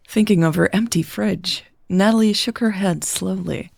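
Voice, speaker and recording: Woman narrator, romance story read aloud, calm, even, low-pitched, gravelly. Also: moderate pace, few pauses, no room sound, faint music behind. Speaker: podcast host and narrator.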